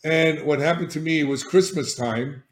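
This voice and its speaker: A man's voice: on the high side, normal speed. Older man telling his story, echoey room. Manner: animated and emphatic, frequent restarts and "all right?" check-ins. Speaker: guest, addiction therapist. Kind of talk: candid personal storytelling.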